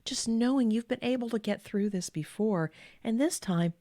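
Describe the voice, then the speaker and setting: A middle-aged woman hosting a podcast, giving calm, measured, earnest advice to executives with deliberate pauses. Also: on the high side, dry recording, studio quality. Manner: earnest and encouraging, repeats key words. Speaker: podcast host and executive coach. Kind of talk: direct-to-camera advice talk.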